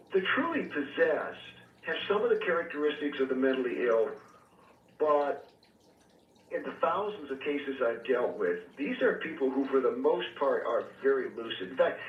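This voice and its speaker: Earnest reverend on a tinny phone line. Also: male voice, medium pitch, expressive. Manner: earnest, measured, storytelling with frequent fillers. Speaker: reverend and exorcist, radio guest. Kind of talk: recounting experiences on a call-in radio show. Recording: tinny phone line, echoey and distant, faint hiss.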